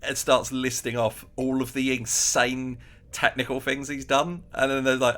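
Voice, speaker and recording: A man's voice: mid-range voice, little pitch movement, moderate pace, a bit bright. A man co-hosting a podcast, chatting casually and animatedly, with many restarts, acting out little quotes. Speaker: podcast co-host. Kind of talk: casual chat.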